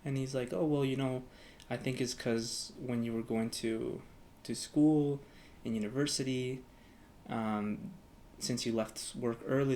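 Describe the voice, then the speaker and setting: A man's voice: mid-range voice, steady tone, unhurried, pauses often, darkish tone, a little hiss or hum. A young man talking casually to camera as a vlogger, rambling with lots of "like" fillers and acting out both sides of past conversations. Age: young adult. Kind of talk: casual storytelling vlog.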